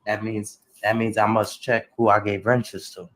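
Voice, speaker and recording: A young man hosting a casual livestream, talking straight to his chat in animated, slangy bursts. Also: fairly low pitch, moderate pace, low-quality recording. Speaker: livestream host.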